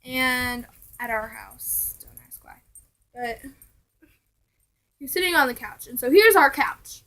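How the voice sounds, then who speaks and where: A young woman casually telling ghost stories to her vlog viewers, chatty and animated, now and then dropping to a hushed aside. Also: high-pitched, unhurried, poor audio. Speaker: vlogger.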